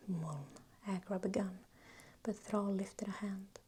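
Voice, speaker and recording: A woman reading a fantasy novel aloud close to a new microphone, in a soft, unhurried whispered role-play. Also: mid-range voice, fairly even intonation, slightly rough. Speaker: ASMR reader.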